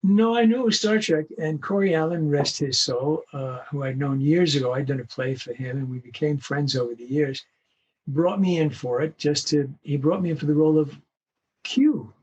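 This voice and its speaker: An older male voice actor telling animated anecdotes in an interview, acting out the voices of the people he quotes. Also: a little high, normal speed, slightly rough, highs cut off. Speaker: guest voice actor. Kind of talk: storytelling interview.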